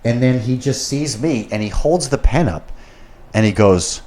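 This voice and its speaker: A man's voice: mid-range voice, normal speed, darkish tone. A young man on a podcast, casually telling a long story in a profane, rambling way and getting worked up as he goes.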